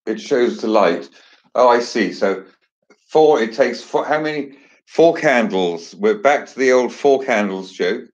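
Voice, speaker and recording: A man's voice: medium pitch, animated, measured pace, lo-fi sound. A man hosting a casual chat, joking and chatty with theatrical asides. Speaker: host.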